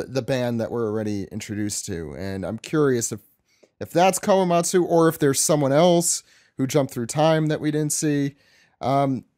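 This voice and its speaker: A man's voice: mid-range voice, a little mellow. A man from New York hosting a casual podcast, chatty and self-mocking as he reads listener emails. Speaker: podcast host.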